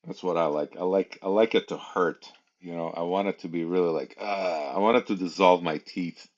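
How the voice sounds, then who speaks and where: A man's voice: low-pitched, steady tone, moderate pace, darkish tone. A man hosting a casual livestream, chatting loosely with laughs and plenty of fillers. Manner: rambling, chatty, laughs often, many fillers. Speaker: livestream host. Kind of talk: casual live-stream chat. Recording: dull lo-fi sound.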